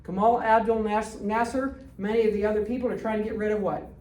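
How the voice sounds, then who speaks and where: A woman's voice: medium pitch, steady tone, quick pace, darkish tone. Older lady lecturing a class, blunt, fires questions at students, sounds far off in a roomy space. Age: 60s. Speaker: history teacher. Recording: echoey room, distant mic.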